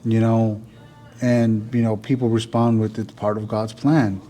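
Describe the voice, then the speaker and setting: This male vlogger's voice runs on the low side at a measured pace. Chatting casually to his viewers, he wanders through a story full of "like" and "you know," livening up each time he recounts what happened.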